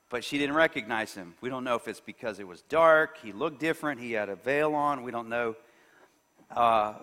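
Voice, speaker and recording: Bright-voiced preacher in an echoing hall. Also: male voice, mid-range voice. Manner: storytelling, swings from soft to loud exclamations. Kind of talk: sermon.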